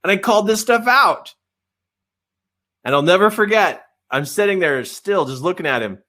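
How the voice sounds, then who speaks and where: A middle-aged man telling a story in a coaching webinar, animated and often laughing. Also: high voice, normal speed.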